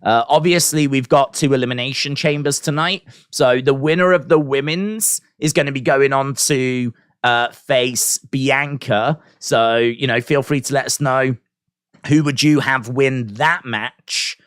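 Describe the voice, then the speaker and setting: A man's voice: medium pitch, fairly even intonation, measured pace, fairly bright tone, clear, resonant tone, no room sound, studio quality. A man hosting a wrestling watch-along live stream, rambling casually with restarts and fillers.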